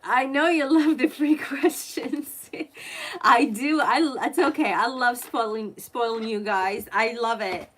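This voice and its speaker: Slow-talking effusive woman tarot reader. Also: fairly high pitch, fairly bright tone. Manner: effusive, chatty, emotional. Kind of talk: live-streamed tarot reading.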